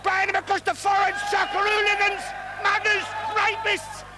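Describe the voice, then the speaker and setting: A man playing a crude, bigoted old Cockney woman who rants in a shrill voice. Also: big pitch swings, a little fast, over a noisy crowd. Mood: furious. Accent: London Cockney. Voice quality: shrill, ranting, coarse. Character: crude London-accented old woman, loud bigoted royal caricature. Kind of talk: comic sketch impression. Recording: noisy old broadcast recording.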